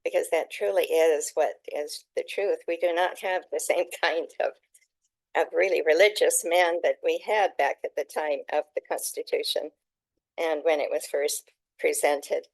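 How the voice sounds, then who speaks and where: A woman author at a meeting, reading aloud from her own book in an earnest, emotional way, with halting restarts. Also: deep voice, fairly even intonation, dry recording, low-quality recording.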